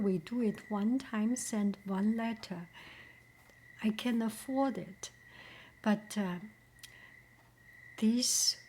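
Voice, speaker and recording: A woman who speaks slowly and gently, often half-whispering, as she opens and reacts to fan mail in an unboxing vlog. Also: mid-range voice, a little hiss or hum, poor audio. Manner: slow, gentle, often whispering, easily moved. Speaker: vlogger opening fan mail. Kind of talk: soft-spoken unboxing vlog.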